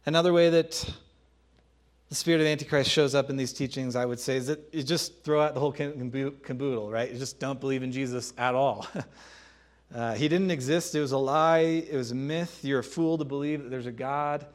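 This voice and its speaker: A man preaching a sermon in a conversational, emphatic way, repeating key phrases and pausing to clear his throat. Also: mid-range voice, fairly even intonation. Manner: laughs and clears throat between points.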